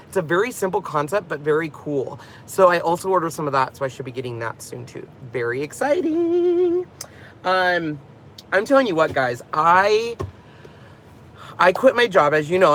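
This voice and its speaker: A man's voice: fairly high pitch, fairly bright tone, slight background noise. A man hosting a crafting channel, chatting casually and rambling off on tangents from inside his car in his garage. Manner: laughs often and jokes about himself. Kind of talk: casual vlog chat.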